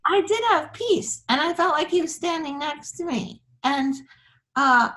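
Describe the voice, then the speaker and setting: A woman's voice: high-pitched, a little slow, pushed and bright. A woman in her sixties hosting a faith talk interview, telling her story earnestly, repeating words as she goes. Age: 60s. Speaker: show host.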